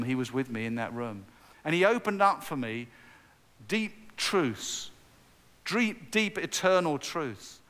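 A middle-aged male preacher with a smooth, resonant voice gives an earnest testimony. He repeats himself and builds to emphatic peaks. His words ring out with a long reverb in a large hall. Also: on the high side, a bit bright. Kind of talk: sermon.

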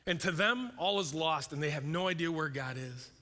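A male pastor preaching a sermon in a conversational, animated way, sometimes acting out voices. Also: fairly high pitch, moderate pace. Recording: long hall reverb.

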